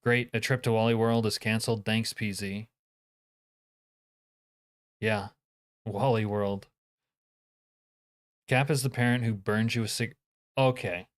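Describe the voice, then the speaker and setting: A man's voice: lowish voice, steady tone, unhurried, long pauses. A man live-streaming a game, chatting casually with his viewers, profane and joking, grumbling when things go wrong.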